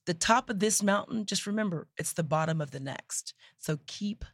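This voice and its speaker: A woman who founded a startup, giving emphatic motivational talk in a casual chat, slowing down for her punchlines. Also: fairly low pitch, animated, dry recording, studio quality. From Texas. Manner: emphatic, preachy, slows down for punchlines.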